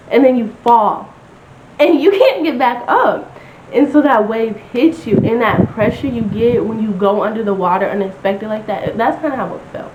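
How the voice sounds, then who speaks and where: A young woman chatting casually on a storytime vlog, telling her story with lots of "like" and quoting people in animated bursts. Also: fairly high pitch. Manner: chatty, lots of "like", animated retelling with quoted voices. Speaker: vlogger. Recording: roomy, slightly dull home recording with noise.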